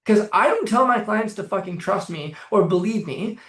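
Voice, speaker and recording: Energetic male coach in a roomy space. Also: high-pitched, moderate pace. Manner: casual, energetic, swears freely. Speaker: trauma coach. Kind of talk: coaching talk with guided exercises.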